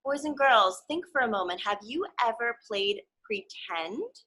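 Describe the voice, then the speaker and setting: A young adult woman hosting a children's story reading, animated and speaking directly to the kids. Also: fairly high pitch, a little slow, low-quality recording. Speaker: sports arena host reading to children.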